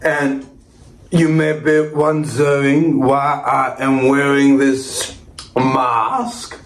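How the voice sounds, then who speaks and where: A man voicing a masked male wrestler on the run, using a stiff, overblown fake French accent. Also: a little high. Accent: exaggerated fake French accent. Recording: echoey room.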